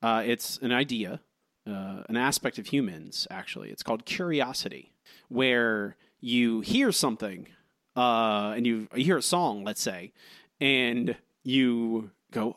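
A man's voice: medium pitch, unhurried, fairly bright tone, dry recording, clean studio sound. A man co-hosting a podcast in casual trivia chat, teasing his partner and rambling through answers with many fillers. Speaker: podcast co-host.

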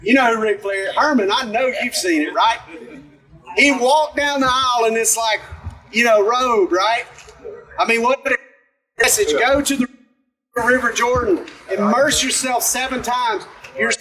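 A man's voice: very high voice, measured pace, pauses often, sharp tone, far from the mic, slight background noise, poor audio. A man from Alabama, preaching a sermon as pastor and talking to the congregation in a conversational way. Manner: conversational, asks the congregation questions.

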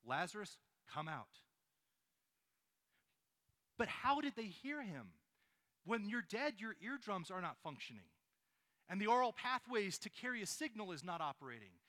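A man's voice: high-pitched, sing-song, normal speed, pauses often, bright, forceful tone. A man preaching a sermon, asking his listeners rhetorical questions and reading scripture aloud. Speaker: pastor.

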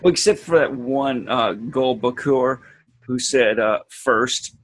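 A man's voice: mid-range voice, measured pace. A man co-hosting a podcast, casually discussing a TV episode and dropping dry quips. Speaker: podcast co-host. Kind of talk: casual chat about a TV episode.

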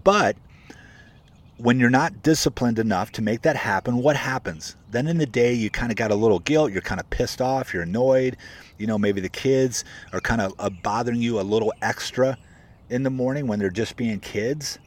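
A man's voice: mid-range voice, moderate pace. Emphatic, chatty man giving a motivational talk. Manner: conversational and emphatic, repeats points, says "guys" often; greets viewers by name while talking. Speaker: motivational vlogger and coach for real estate agents. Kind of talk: casual motivational talk to camera.

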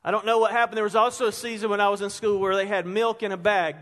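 Animated high-voiced preacher in a reverberant hall. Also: male voice, quick pace, hardly any pauses. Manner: animated storyteller, drops to a hush for emphasis. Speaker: pastor. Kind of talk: sermon with storytelling.

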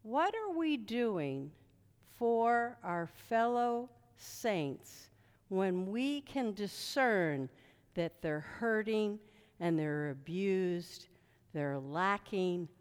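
A woman preaching a sermon, shouting commands at times and telling chatty stories with asides. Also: medium pitch, extremely slow, smooth. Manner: animated, shouting commands at spirits, then chatty storytelling with asides. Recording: reverberant hall.

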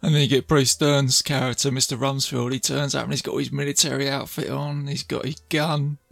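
Gravelly man recapping a film. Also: mid-range voice, little pitch movement, a little fast, a bit bright, no echo, soft background music. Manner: chatty, laughs while retelling scenes. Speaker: film reviewer.

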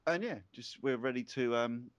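A man's voice: medium pitch, moderate pace, dry recording, muffled recording. A man guesting on a podcast, joking crudely and swearing a lot in casual banter.

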